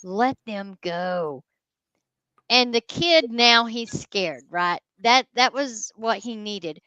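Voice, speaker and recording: A woman, a guest ghost hunter telling a story in casual, animated talk. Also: on the high side, slow pace, clean tone, no echo, highs cut off. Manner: animated, addresses listeners as y'all.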